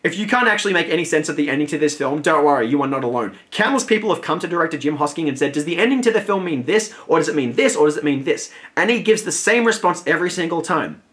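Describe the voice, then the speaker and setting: A man narrating a scripted film review with a wry, animated delivery. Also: a little high, quick pace, hardly any pauses.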